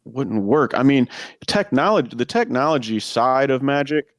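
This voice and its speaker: A man's voice: medium pitch, expressive, normal speed, dry recording, studio quality. A man talking through ideas on a podcast in a musing, thoughtful way, with frequent fillers. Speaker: podcast co-host. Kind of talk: casual discussion.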